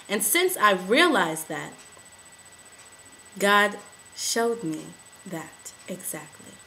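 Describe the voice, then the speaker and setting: A woman giving an emotional testimony to camera, repeating affirmations and rising to shouts. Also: medium pitch, gravelly, a little hiss or hum, low-quality recording.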